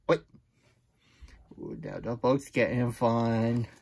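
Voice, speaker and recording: A man's voice: medium pitch, takes it slowly, vocal fry, a little mellow, slight background noise. A man voicing a childlike, curious male hedgehog who reads a children's storybook aloud, using baby-talk grammar and little gasps. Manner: baby-talk grammar, gasping, playful protests. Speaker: storybook reader. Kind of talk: children's read-aloud with character voice.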